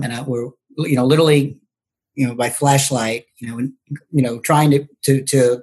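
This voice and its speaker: Husky hesitant man telling stories. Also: medium pitch, a little mellow. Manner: hesitant, many ums and restarts. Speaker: podcast guest, bartender and local political candidate. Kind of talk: casual interview storytelling.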